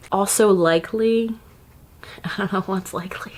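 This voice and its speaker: A woman vlogger giving casual self-care advice to camera, chatty and often laughing, with quick asides. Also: fairly low pitch.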